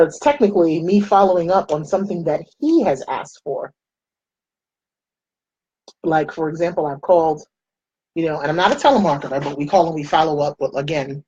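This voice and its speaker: A young adult woman from the United States chatting casually while doing her makeup, telling stories with lively quoted voices. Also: low voice, husky, poor audio. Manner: chatty storytelling, animated quoted voices, frequent laughs. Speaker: makeup vlogger.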